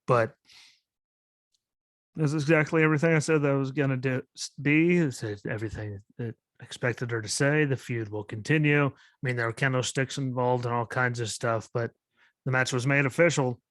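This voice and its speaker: A man's voice: medium pitch, fairly even intonation, moderate pace, a bit bright, no room sound, clean studio sound. A man hosting a solo wrestling podcast, talking in a skeptical, exasperated rant full of "like" and "literally". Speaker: podcast host.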